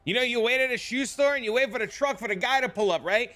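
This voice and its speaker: A man doing a brash Jersey mobster, high and bright. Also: fast talker, no echo. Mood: bullying. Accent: put-on New Jersey. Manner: profane, bullying, rhetorical questions. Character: brash Jersey mobster type, pushy and tough.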